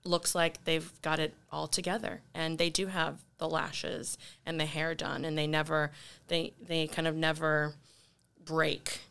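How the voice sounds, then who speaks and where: A woman's voice: low voice, little pitch movement, measured pace, gravelly, fairly bright tone, clean tone. A woman co-hosting a podcast in a chatty casual way. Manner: chatty, laughing easily. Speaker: podcast co-host.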